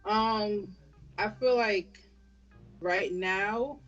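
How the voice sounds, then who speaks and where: A woman's voice: medium pitch, drawn-out words, a bit bright, highs cut off, faint music behind. A woman in her thirties, a business owner and interview guest, telling stories bluntly with plenty of swearing. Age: 30s. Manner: blunt, storytelling, heavy swearing. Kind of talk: casual interview chat.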